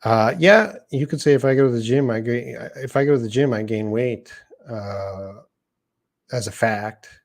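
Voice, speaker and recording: A man's voice: medium pitch, normal speed. A middle-aged man, teaching a live English lesson and casually answering viewers' questions one by one. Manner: casual and conversational, reads viewer questions aloud and answers them.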